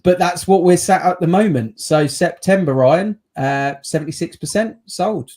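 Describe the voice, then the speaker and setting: A man's voice: sits high, normal speed, a little mellow. Chatty man hosting a video call. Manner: chatty, teasing. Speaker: podcast host, estate agent. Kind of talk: casual chat.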